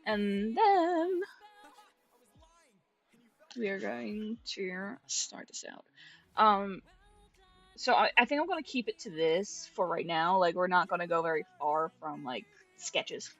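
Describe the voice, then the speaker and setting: A woman's voice: mid-range voice, lively intonation, slow, long pauses, dull audio, soft background music. A young woman streaming while she draws, chatting casually, swearing freely and laughing often as she talks to her cat. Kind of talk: casual live-stream chat while drawing.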